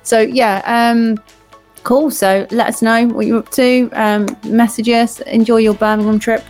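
A woman co-hosting a podcast in casual chat, talking quickly with lots of fillers and restarts. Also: fairly high pitch, level tone, a little mellow, faint music behind. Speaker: podcast co-host.

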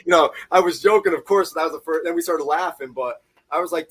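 A man casually telling a fishing story, animated and profane, laughing as he goes. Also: a little high, moderate pace, husky.

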